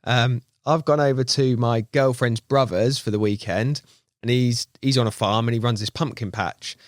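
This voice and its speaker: A man's voice: normal speed, no echo, clean studio sound. A man telling a funny story on a podcast, acting out the people he quotes. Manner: animated storyteller, acts out quotes with big pitch jumps. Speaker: podcast co-host. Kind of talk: casual chat.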